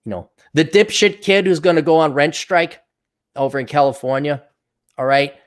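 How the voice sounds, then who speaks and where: A man's voice: fairly high pitch, normal speed. A man hosting his own show, ranting in a sarcastic, profane, mocking way. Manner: mocking mimicry of others. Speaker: show host. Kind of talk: livestream rant.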